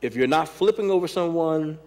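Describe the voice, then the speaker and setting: An American man who choreographs hip hop dance tells stories in a loose, animated way, acting out quotes and laughing often. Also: fairly high pitch, fairly quick. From United States. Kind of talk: conversational panel talk.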